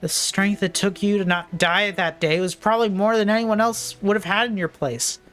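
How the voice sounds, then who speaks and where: A woman reading aloud, voicing a caring teenage girl who gently reassures a friend. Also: medium pitch, soft background music, natural voice. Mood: gentle. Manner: soft, reassuring, measured.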